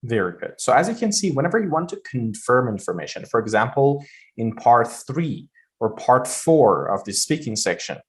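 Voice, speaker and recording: A man teaching pronunciation in a deliberate way, repeating phrases to show how the voice rises and falls. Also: mid-range voice, very animated. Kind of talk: slow spoken lesson.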